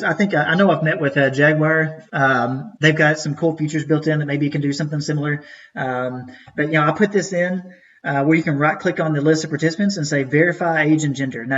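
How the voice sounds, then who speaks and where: A man's voice: a little high, a bit bright. A man teaching race timing in a casual training webinar, talking conversationally with many fillers and restarts. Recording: distant, dull lo-fi webinar audio.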